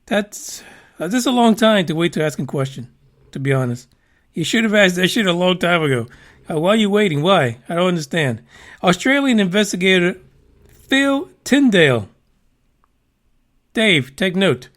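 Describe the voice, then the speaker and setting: Profane, high-voiced podcast host. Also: male voice, expressive, a little fast, fairly bright tone. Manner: profane, rambling, wisecracking asides. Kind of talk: casual podcast news commentary.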